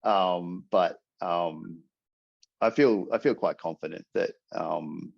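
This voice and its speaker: A man's voice: deep voice, slow, vocal fry. A man speaking as an author guest on a podcast, hesitant, with many fillers and restarts. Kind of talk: casual podcast interview. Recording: dull lo-fi audio.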